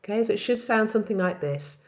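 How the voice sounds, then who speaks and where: Woman teacher walking through french verbs, slow and careful, says each form out loud. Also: mid-range voice, lively intonation. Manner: explains step by step, models French verb forms slowly. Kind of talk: recorded language tutorial.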